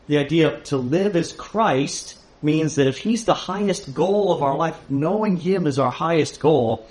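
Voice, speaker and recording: A man preaching an expository sermon, teaching in a measured, deliberate way with emphatic pauses. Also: a little high, a little mellow. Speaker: pastor.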